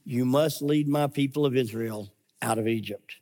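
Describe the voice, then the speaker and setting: A male pastor voicing God speaking to Moses during a scripture reading, slow and solemn. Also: mid-range voice, a little mellow, voice pushed down, lightly acted.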